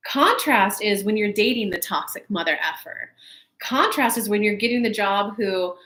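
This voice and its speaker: A woman in her thirties hosting a casual live chat for her viewers, telling stories in an animated way with swearing and laughter. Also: medium pitch, measured pace. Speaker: spiritual coach and channel host. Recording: echoey room.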